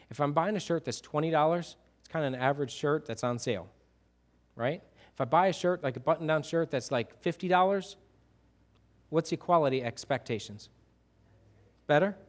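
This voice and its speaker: Man preaching, conversational, middle-aged, quizzes listeners, restarts phrases. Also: mid-range voice. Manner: conversational, asks the congregation questions, repeats himself. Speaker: pastor. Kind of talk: sermon.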